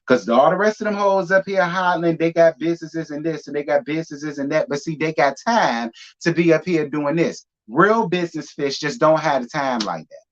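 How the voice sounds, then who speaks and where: A man's voice: a little high, a little fast, few pauses. A man hosting a live reality TV review, talking in a sassy, emphatic way and repeating lines for effect. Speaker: reality TV recap host. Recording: muffled lo-fi audio.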